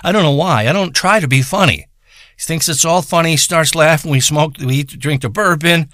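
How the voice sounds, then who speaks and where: A man telling a rambling, profane comic story in a crude, deadpan way. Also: on the high side, brisk, no room sound, clean studio sound. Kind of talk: rambling comedic monologue.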